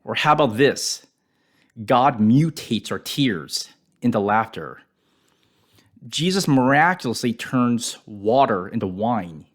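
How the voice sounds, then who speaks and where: A man giving a reflective devotional Bible teaching, dropping his voice softly on painful words. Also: medium pitch, lively intonation, slow pace.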